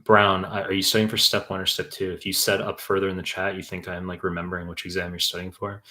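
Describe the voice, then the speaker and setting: A man's voice: low voice, flat delivery, fast, pushed and bright. A young man tutoring for medical exams on a live stream, reading out chat questions and answering in a blunt, profane, rambling way. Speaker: exam tutor.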